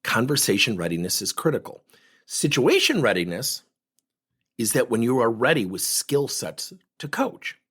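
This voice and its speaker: A middle-aged man coaches listeners on workplace conversations in a podcast monologue, acting out anecdotes with energy and animation. His medium-pitched voice is sing-song, slightly bright and a little rough, moving at a moderate pace.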